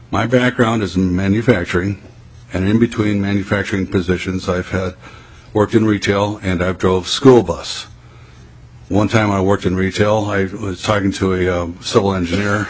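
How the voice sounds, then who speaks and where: A middle-aged man testifying at a legislative hearing, telling his story in a plain, halting, measured way. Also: deep voice, a little hiss or hum. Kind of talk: formal testimony.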